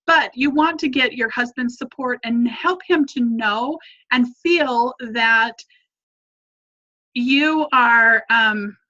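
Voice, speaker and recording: A woman's voice: on the high side, takes it slowly, pushed and bright, dull audio. A woman family coach giving an earnest, encouraging lesson, repeating her points for emphasis.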